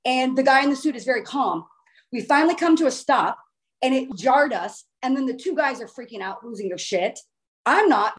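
A woman casually telling a long personal story in a chatty, animated way, with the odd swear word. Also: sits high, normal speed.

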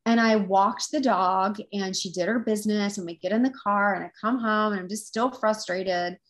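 A woman's voice: medium pitch, fairly even intonation, normal speed. A woman guest who teaches intuitive development, telling a story in an earnest, reflective casual chat.

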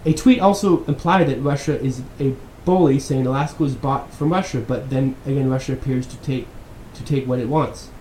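A man's voice: mid-range voice, moderate pace, warm tone. A man hosting a podcast, giving profane, exasperated and sarcastic news commentary. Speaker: podcast host. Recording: echoey room with faint background noise.

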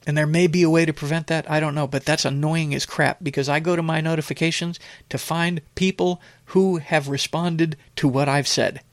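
An older man hosting a casual political commentary show, rambling and halting with many fillers, blunt and opinionated. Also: a little high, steady tone, no room sound.

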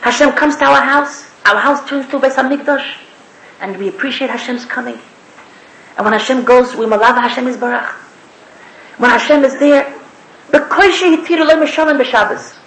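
A woman's voice: sits high, moderate pace, a bit bright. A woman giving a spoken sermon, emphatic and repetitive, asking the listeners rhetorical questions. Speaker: speaker giving a religious talk. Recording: echoey room.

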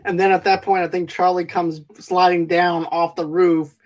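A speaker recaps a film's plot in relaxed conversation. The talk rambles, with frequent fillers and restarted sentences. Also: mid-range voice, normal speed. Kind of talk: casual movie review chat.

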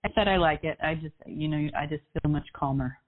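Woman, coaching client, low voice, soft-spoken, agreeable, phone-line sound. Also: fairly quick. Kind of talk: coaching call.

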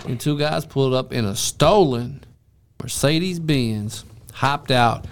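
A man's voice: medium pitch, measured pace. A man co-hosting a podcast, chatting casually and profanely while playing cards and telling stories. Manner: profane, loud trash-talking storyteller. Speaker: podcast co-host. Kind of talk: casual chat over a card game.

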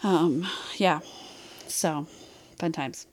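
A woman's voice: low-pitched, drawn-out words, a little mellow. A woman co-hosting a podcast in casual chat, giggly and gushing, openly emotional as she talks. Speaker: podcast co-host.

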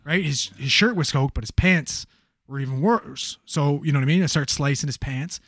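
A man who works in emergency medical services, telling a story in casual chat, animated and profane, with many fillers. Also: a little high, moderate pace, no echo, studio quality.

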